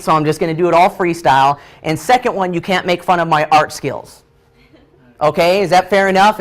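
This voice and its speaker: Male trainer, freestyle storytelling, chatty, lots of ums and restarts, training room. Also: high voice. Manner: loose and chatty, many fillers and restarts.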